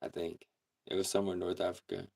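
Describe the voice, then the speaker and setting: Deep gravelly laid-back man. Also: flat delivery, fast talker, darkish tone. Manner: laid-back, laughs often, slangy. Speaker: livestream host. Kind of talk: casual livestream chat reading comments.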